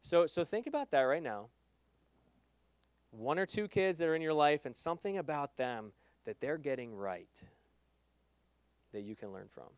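Middle-aged male pastor, emphatic sermon delivery, slightly higher voice, dry close sound. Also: lively intonation, normal speed, pauses often, smooth, no echo. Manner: earnest, emphatic, swings between loud and soft.

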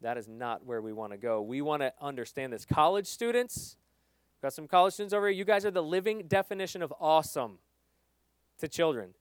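A man's voice: fairly high pitch, lively intonation, fairly quick, smooth, no echo. Earnest, emphatic middle-aged male preacher. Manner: earnest, emphatic, swings between loud and soft. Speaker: pastor. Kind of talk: sermon.

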